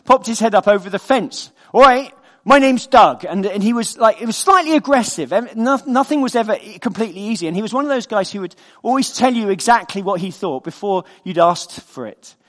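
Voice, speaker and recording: A man preaching a sermon with a fairly high voice. He talks earnestly and conversationally, drifting easily into personal stories. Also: lively intonation, a little fast, few pauses, a bit bright.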